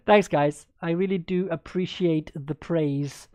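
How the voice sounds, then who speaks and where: A woman's voice: mid-range voice, takes it slowly, a little mellow, no room sound, muffled recording. A woman chess coach in a livestreamed lesson, chatty and upbeat, answering viewers by name as she goes through moves.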